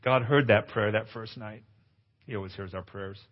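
A man's voice: lowish voice, moderate pace. A man in his forties preaching a testimonial sermon at a conference, earnest and confessional, with playful asides to the crowd. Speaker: pastor. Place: conference hall. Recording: echoey hall, slightly dull.

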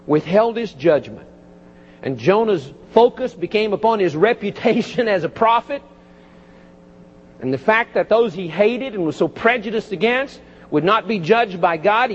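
High-voiced man preaching in a reverberant church. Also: breathy edge. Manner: preaching with lively emphasis and folksy asides. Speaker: pastor. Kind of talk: sermon. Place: church sanctuary. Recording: dull audio with long church reverb.

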